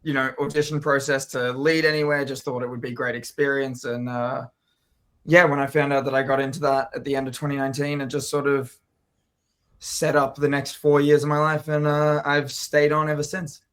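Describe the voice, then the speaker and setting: A man's voice: medium pitch, a little fast, clear, resonant tone. Rambling young man, easy mid voice. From Australia. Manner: relaxed, rambling with many fillers and restarts. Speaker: actor guest. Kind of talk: casual interview chat.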